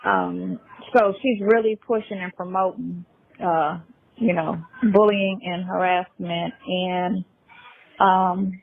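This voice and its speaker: A gravelly-voiced woman rambles over a tinny phone line, hesitant and full of fillers. The thin, phone-like sound cuts her voice down. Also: lowish voice, animated, slow pace, slight background noise. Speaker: caller in a played live call.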